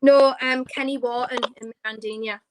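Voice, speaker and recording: A woman's voice: sits high, fairly even intonation, normal speed. A woman co-hosting a podcast, reading out viewer questions in a chatty, rambling way. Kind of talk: casual chat. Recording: noisy background.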